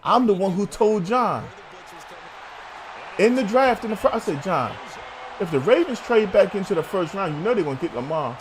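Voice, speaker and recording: A man's voice: high-pitched, animated, moderate pace, long pauses. A man hosting a sports talk show, arguing heatedly with a co-host, swearing and calling him bruh.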